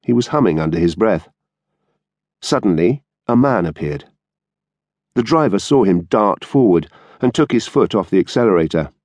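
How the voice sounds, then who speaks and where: Steady low-voiced male audiobook narrator. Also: no room sound. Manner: measured, steady storytelling. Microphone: studio microphone.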